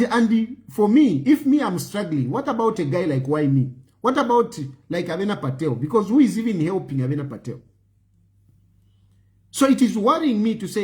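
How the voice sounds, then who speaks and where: A man with a Zambian accent making an impassioned, pleading appeal to viewers as a political commentator, often repeating phrases for emphasis. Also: high voice. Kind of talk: impassioned appeal to an online audience.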